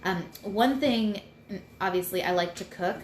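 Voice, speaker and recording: A woman in her thirties talks casually on a live video from home, chatty and a little rambling. Her voice sits at a middle pitch and picks up the roomy echo of the space around her, with a faint hum of room noise behind it. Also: a little slow. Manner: chatty and rambling, self-deprecating. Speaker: host sharing mindfulness tips. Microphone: computer mic.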